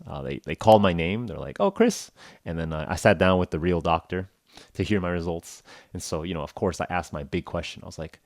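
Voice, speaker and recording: This man's voice sits low, captured with clean studio sound and no room sound. Hosting a podcast for English learners, he tells a story casually and animatedly, acting out the dialogue with laughs.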